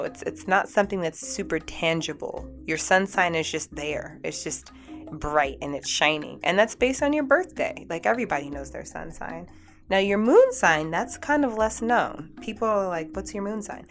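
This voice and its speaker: A woman's voice: deep voice, expressive, normal speed, faint music behind. A woman hosting a radio show, talking casually and upbeat with many "like"s and restarts. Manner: chatty, upbeat, full of "like" and restarts. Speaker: radio show host and energy healer. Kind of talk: casual talk radio monologue.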